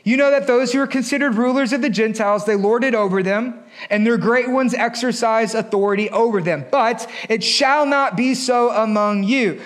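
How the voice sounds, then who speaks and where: A man voicing Jesus calling his disciples into a huddle, in a relaxed, coaxing way, close to his own high voice. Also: normal speed.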